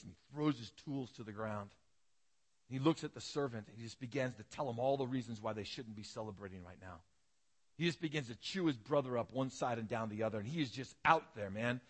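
A male pastor preaching a sermon and retelling a parable as a vivid, dramatic storyteller. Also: mid-range voice.

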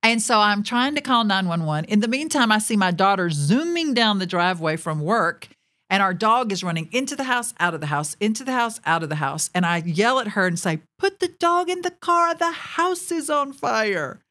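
A woman in her forties, a ministry speaker, telling a personal testimony as an animated storyteller who laughs between lines and talks straight to her audience. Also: mid-range voice, fairly quick.

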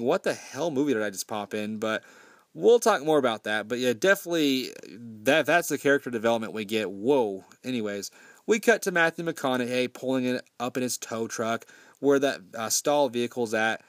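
A man's voice: medium pitch, no room sound, studio quality. Sarcastic, foul-mouthed man recapping a movie. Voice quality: sarcastic, swears often. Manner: animated, mimics characters in quoted lines. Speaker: movie reviewer. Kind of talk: casual profane movie recap.

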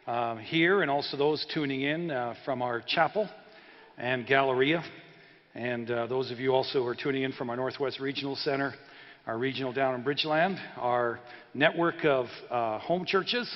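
Male pastor, earnest and chatty, reverberant hall with a dull sound. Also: mid-range voice. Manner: earnest, conversational, frequent uh fillers. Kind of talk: sermon. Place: church sanctuary.

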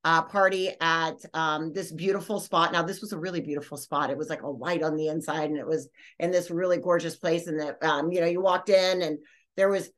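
A woman podcast host telling a story in a rambling, animated way, full of fillers and restarts. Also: sits low, a little fast. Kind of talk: casual storytelling.

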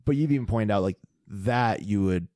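A man's voice: on the low side, normal speed, darkish tone, dry recording, studio quality. A young adult man co-hosting a podcast, talking loosely and swearing a lot as he tells stories full of fillers. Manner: loose, profane, storytelling with lots of fillers. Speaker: podcast co-host. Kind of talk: casual chat.

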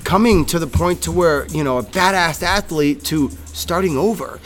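A man's voice: on the high side, moderate pace, soft background music. A young man, a coach, co-hosting a casual motivational podcast in a gym, fervent and swearing freely, repeating words when worked up.

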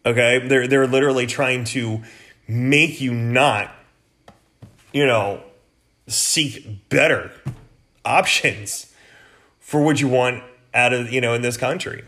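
A man's voice: medium pitch, slow, long pauses, pushed and bright. A man hosting a political podcast, delivering an angry, profane rant in a blunt, heated way. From United States.

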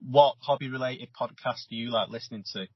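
A man's voice: medium pitch, brisk, husky, no room sound. A man hosting a podcast, chatting casually with his guest. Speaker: podcast host. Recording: dull lo-fi dry sound.

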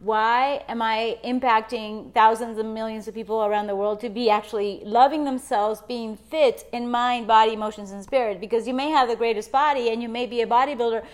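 A middle-aged woman talks through her podcast in a loose, effusive monologue. Her voice sits a little high, and she laughs often between thoughts. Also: steady tone, brisk, few pauses. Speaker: podcast host. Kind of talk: casual motivational monologue.

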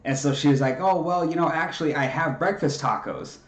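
Animated, profane male storyteller, slightly high voice, echoey room. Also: brisk. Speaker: podcast co-host. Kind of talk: casual storytelling chat.

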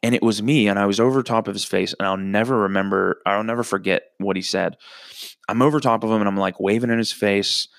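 Young male host, lowish voice, profane rambling storyteller, dry booth sound. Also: steady tone, fast talker, gravelly, a bit bright, no room sound. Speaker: podcast host. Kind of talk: comedic storytelling monologue.

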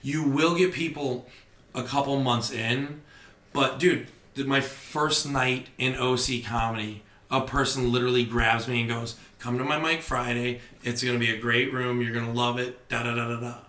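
A young male comedian chatting on a podcast, telling stories with animated energy and constant swearing. His voice is bright and forceful, at a middling pitch. The sound carries the echo of a roomy space. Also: normal speed. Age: young adult. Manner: animated storytelling, heavy swearing. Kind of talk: casual podcast chat.

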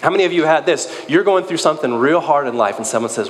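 A man preaching a sermon in a conversational, joking, animated way. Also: a little high, fast talker, few pauses, in a large hall, a little hiss or hum.

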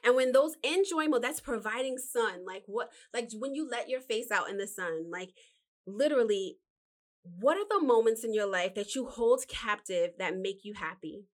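A woman in her thirties with a fairly high voice talks like a host giving life advice. Her delivery is animated and preachy, full of rhetorical questions and affectionate asides. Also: moderate pace. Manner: animated, preachy, uses rhetorical questions and calls the listener honey. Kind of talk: casual motivational talk.

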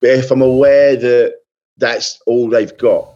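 A man's voice: medium pitch, steady tone, measured pace, dark tone, muffled recording. A man, a comedian chatting on a podcast, telling stories with a self-deprecating streak. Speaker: comedian guest. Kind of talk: casual podcast chat.

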